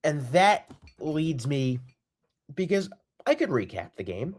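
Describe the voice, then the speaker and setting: A man's voice: fairly high pitch, sing-song, slow, darkish tone. Frustrated guy venting on his podcast, hammering the same points, voice jumping all over. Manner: exasperated, repetitive, emphatic. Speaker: podcast host. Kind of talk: solo sports podcast rant.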